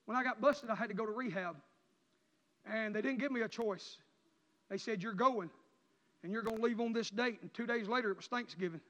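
Male preacher, high-pitched and impassioned, dull recording with long church reverb. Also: a little fast, pauses often. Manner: impassioned, rising to near-shouts then dropping low. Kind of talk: emotional sermon testimony. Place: church sanctuary.

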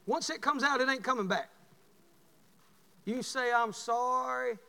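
A middle-aged man preaching a sermon, telling folksy stories and climbing into fervent shouts. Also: very high-pitched, unhurried, gravelly, big-room sound. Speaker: pastor.

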